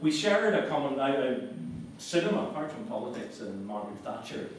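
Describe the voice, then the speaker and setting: A man's voice: medium pitch, very animated, brisk, slight background noise. Brief: male speaker, anecdotal and wry, recorded from afar in a reverberant hall. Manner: conversational, storytelling, self-mocking. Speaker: guest speaker. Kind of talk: anecdotal public talk. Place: lecture hall. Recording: echoey hall from far off.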